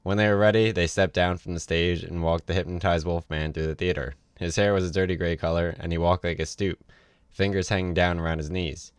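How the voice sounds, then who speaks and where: A man reads a novel aloud for a livestream, in an easy, casual way with offhand asides. His voice sits very low. The sound is close and dry. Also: steady tone, brisk, clear, resonant tone, dry recording. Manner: casual read with ad-libbed asides. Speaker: reader.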